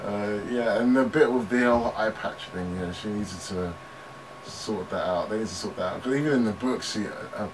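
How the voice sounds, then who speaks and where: A man's voice: on the low side, fairly quick. A young man hosting a reaction video, rambling casually with many restarts and frequent laughs. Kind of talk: casual commentary. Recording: distant mic with background noise.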